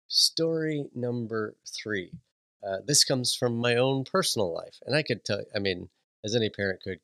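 A man hosting a podcast, telling a casual story with animated delivery, frequent laughs and many restarts. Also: on the low side, dry recording. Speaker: podcast host.

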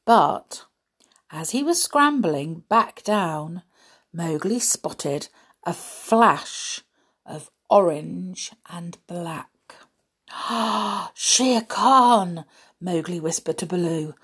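A middle-aged woman reads a children's storybook aloud, gentle and chatty. Her voice is low and breathy, and she takes the story very slowly. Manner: gentle, chatty, with soft laughs.

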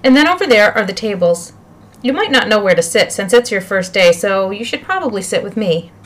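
A woman's voice: medium pitch, sing-song, fairly quick, close to an everyday voice. Woman doing an eager, polite schoolboy. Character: eager, earnest, helpful schoolboy.

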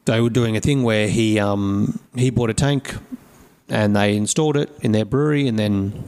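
An Australian man in casual podcast conversation, telling stories with lively acted-out quotes and casual swearing. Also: lowish voice, normal speed, smooth. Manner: lively storyteller who acts out quoted dialogue and swears freely. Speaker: podcast guest, craft brewery founder. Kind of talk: casual storytelling chat.

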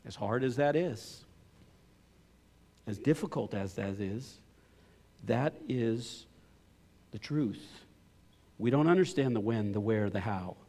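A middle-aged man preaching a sermon as a pastor, swinging from loud impassioned pleading to low, quiet storytelling. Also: slow pace, long pauses. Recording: long hall reverb.

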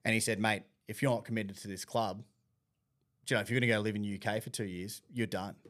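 A man telling stories in a blunt, sweary, animated way as co-host of a casual podcast chat. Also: fairly low pitch, fast.

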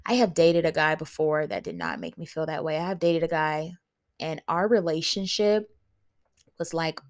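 A woman's voice: sits low, steady tone, moderate pace. A woman hosting her own podcast in casual solo talk, candid and playful, speaking straight to her listeners. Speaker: podcast host.

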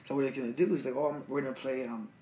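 A man's voice: medium pitch, fairly even intonation, racing, mellow, slight background noise. A man in his twenties from Los Angeles, casually telling a rambling story full of fillers and swearing. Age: 20s. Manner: rambling, profane, lots of fillers and restarts.

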